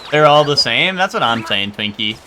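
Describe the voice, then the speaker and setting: A man's voice: mid-range voice, big pitch swings, normal speed, pushed and bright, a little hiss or hum. A young man from New Jersey chatting casually while streaming a video game, rambling with lots of fillers and restarts. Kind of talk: casual live-stream chat over gameplay. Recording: game music behind voice.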